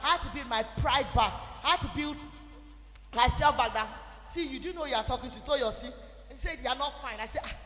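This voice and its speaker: Nigerian English woman speaker, high and bright, emphatic, echoey church hall. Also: a little fast. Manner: animated, emphatic, exhorting the audience. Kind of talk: teaching talk at a church event. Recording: echoey hall with faint music.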